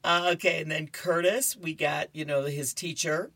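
A woman's voice: sits low, fairly even intonation, normal speed, fairly bright tone, no room sound. A woman radio reader describing newspaper comics, chatty, with laughing asides between panels.

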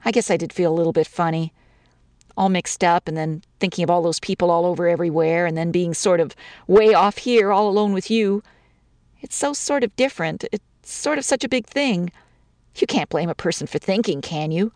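A woman's voice: lowish voice, fairly quick, darkish tone, dry recording, studio quality, lightly acted. A woman reading a story, voicing a touchy young newlywed bride who rambles through wounded, sarcastic complaints. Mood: flustered.

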